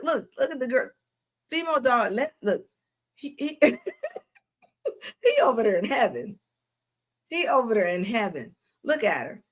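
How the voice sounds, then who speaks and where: A woman hosting a livestream, giving mocking reaction commentary with frequent laughter. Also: mid-range voice. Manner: laughing mocking banter, drawn-out asides. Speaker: host.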